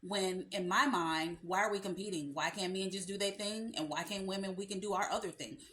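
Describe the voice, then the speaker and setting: A woman's voice: mid-range voice, fairly quick, fairly bright tone, slight background noise. Sassy woman dating coach talking to camera. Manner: sassy, emphatic, colloquial, addresses viewer as sis. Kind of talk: direct-to-camera advice talk.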